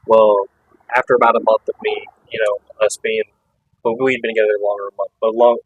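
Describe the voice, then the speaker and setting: A man's voice: lowish voice, level tone, fairly quick, husky, no echo, phone-quality sound. A man co-hosting a hunting podcast, telling a long story in a casual, rambling way with restarts and laughs. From Missouri. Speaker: podcast co-host.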